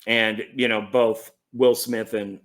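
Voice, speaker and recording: A man with a lowish voice goes slowly through his film collection, relaxed and clearly keen on movies. He's a collector who rambles, stumbles on names, and keeps correcting himself.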